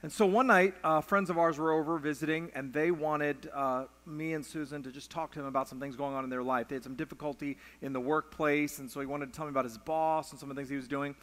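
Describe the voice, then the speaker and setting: A middle-aged man preaches in a fairly high voice, telling a story and often pausing on "uh". His voice rings through a church sanctuary with a long hall reverb. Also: steady tone, a bit bright. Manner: storytelling with frequent "uh" fillers. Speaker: pastor. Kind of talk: sermon with a personal story.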